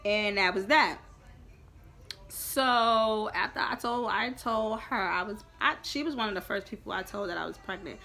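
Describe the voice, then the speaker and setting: A young woman telling a storytime in a lively, profane, emphatic way. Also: medium pitch, normal speed, vocal fry. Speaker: vlogger. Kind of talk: storytime chat.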